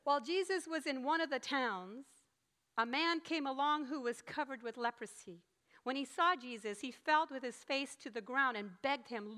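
Bright, high-voiced woman preaching. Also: normal speed. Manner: animated, emphatic storytelling. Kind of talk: sermon.

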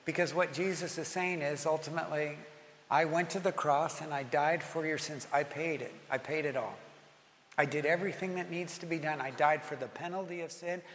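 A man leading communion as a pastor, speaking earnestly and rising in pitch and force as he voices a listener's prayers. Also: steady tone, normal speed, a bit bright, a little hiss or hum. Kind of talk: communion sermon. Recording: long hall reverb, faint ambience.

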